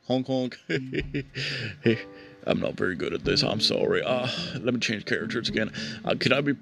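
Stammering nervous man, gravelly, music behind. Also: mid-range voice, normal speed. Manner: stammering, repeats words nervously. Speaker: prank caller chatting with a chatbot. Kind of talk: comedic nervous banter.

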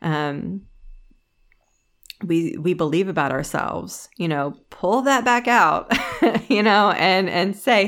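A woman co-hosting a casual podcast chat, telling a story with lively quoted voices and frequent restarts. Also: on the low side, slow pace. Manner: storytelling, animated when quoting others. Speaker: podcast co-host.

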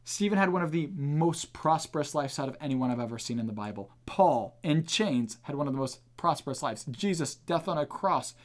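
A man's voice: a little high, lively intonation, fairly quick, hardly any pauses. A man hosting a podcast and teaching on the Bible in an earnest, emphatic, casual way.

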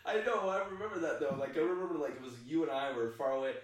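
A man's voice: a little high, animated, racing. A man co-hosting a podcast, chatting casually and laughing as he reminisces. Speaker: podcast co-host. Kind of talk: casual chat. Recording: very echoey room, far from mic.

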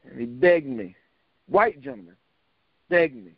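A man's voice: medium pitch, expressive, measured pace, dry recording. An older man telling a story in a casual, folksy, joking way. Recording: dull, lo-fi dry recording.

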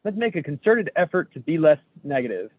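A man's voice: a little high, very animated, a little fast, breathy edge, dry recording. Joking man on a tinny line. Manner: jokey, self-deprecating, swears freely. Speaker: podcast co-host. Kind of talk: casual chat reading memes. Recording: tinny phone-like sound.

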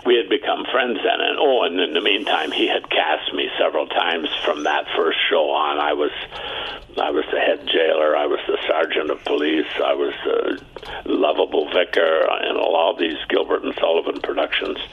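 Older man guest in his seventies from Ontario, Canada, spinning chatty anecdotes; husky voice over a tinny line. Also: steady tone, moderate pace. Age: 70s. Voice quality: very deep, gravelly and husky. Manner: chatty anecdotal storyteller, acting out quoted voices. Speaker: interview guest. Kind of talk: storytelling interview.

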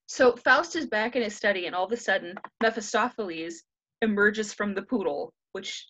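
A woman's voice: medium pitch, moderate pace, pushed and bright, slight background noise. A woman in her thirties, retelling a classic story in a casual, irreverent and profane way, often slipping into characters' lines. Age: 30s. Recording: dry, slightly dull lo-fi audio.

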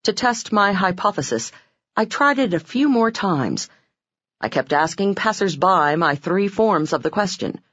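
Lively lower-pitched woman narrating. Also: measured pace, dry recording, studio quality. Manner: expressive, acts out quoted lines with pitch jumps. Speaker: audiobook narrator. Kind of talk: scripted self-help narration.

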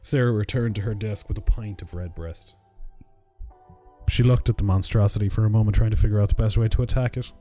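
A man narrating a short story in a measured, even storytelling delivery. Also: lowish voice. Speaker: narrator reading short stories. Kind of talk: scripted story reading. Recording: music bed under the voice. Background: music.

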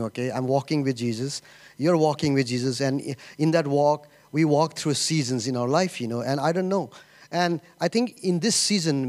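A middle-aged man giving an informal sermon, halting and repeating himself, often saying "you know" and "okay?". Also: a little high, no echo. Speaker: pastor.

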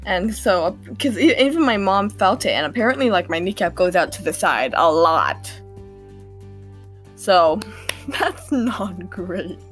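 A teenage girl chatting alone on her podcast about her day, rambling and poking fun at herself between giggles. Her voice sits a little low for a girl. Soft music plays faintly behind her. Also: animated, a little slow. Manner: rambling, self-deprecating, giggly. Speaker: podcast host. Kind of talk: casual diary-style monologue.

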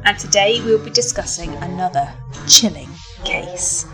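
A woman's voice: on the low side, lively intonation, measured pace, over music. A woman hosting a casual crime podcast, chatty and giggly as she narrates a case. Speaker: podcast host.

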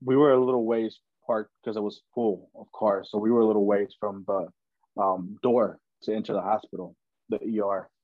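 Speaking as a podcast guest, a young man shares his story in a relaxed, chatty way full of "bro" and "man." His fairly low voice keeps a steady tone at a moderate pace, and the dull lo-fi recording is dry with no room sound.

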